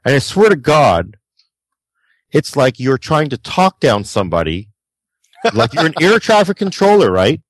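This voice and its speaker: A man co-hosting a podcast, telling his stories with a lively, swooping voice. He slips into impressions of the people in them and swears without holding back. The sound is dry and close, with no room echo. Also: mid-range voice, moderate pace, pauses often. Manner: animated storyteller, acts out quoted people, swears freely. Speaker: podcast co-host. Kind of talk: casual podcast banter.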